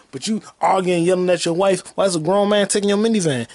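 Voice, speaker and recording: A man hosting a podcast alone, telling crude, rambling stories and bursting into loud high yelps and sound effects. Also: fairly even intonation, fast, few pauses. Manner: profane, rambling storytelling. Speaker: podcast host. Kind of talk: casual solo podcast monologue.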